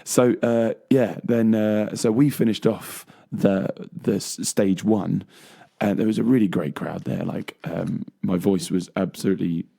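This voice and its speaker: Gravelly low-voiced young Englishman rambling. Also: fairly even intonation, a little slow, few pauses, mellow. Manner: rambling, laughing, full of fillers. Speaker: co-host. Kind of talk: casual chat.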